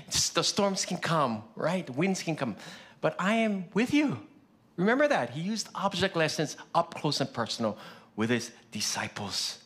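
Lively, animated male pastor preaching. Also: fairly high pitch. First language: Hawaiian Pidgin. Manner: lively, conversational, asks the congregation questions. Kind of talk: sermon.

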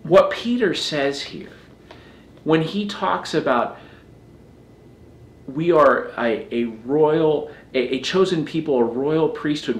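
Earnest male pastor preaching in an echoey room. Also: on the high side. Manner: earnest, repeats phrases while preaching. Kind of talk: sermon.

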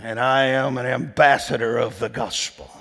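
In a church sanctuary with long hall reverb, a man preaches a storytelling sermon in a folksy, emphatic way, pressing the congregation by repeating "did you hear me." His medium-pitched voice is steady, creaky, and a bit bright, moving at a moderate pace.

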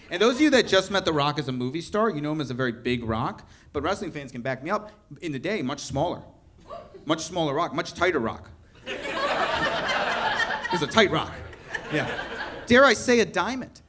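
A man's voice: a little high, noisy background. A young man performing a stand-up comedy set, ranting in mock outrage to a live crowd. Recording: live venue with audible audience laughter. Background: audience laughter.

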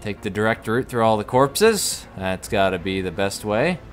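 A man casually commenting while he plays a video game, chatty and quick to yelp when startled. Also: on the low side, very animated, soft background music. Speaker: gamer playing through a game. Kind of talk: casual let's-play commentary.

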